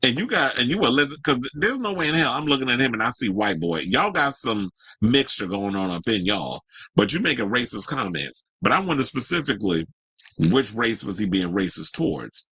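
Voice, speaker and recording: A man's voice: mid-range voice, very animated, brisk, pushed and bright, slightly rough, no echo, poor audio. A man hosting a celebrity news show, reading stories and breaking off into loose, sarcastic, joking asides in casual slang.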